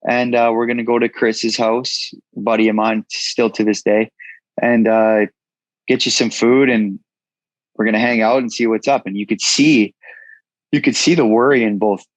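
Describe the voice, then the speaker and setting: A man's voice: on the low side, fairly even intonation, moderate pace, no room sound, rough recording. A man in his thirties, a guest in an interview, telling his story frankly and casually, swearing freely. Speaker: guest, entrepreneur.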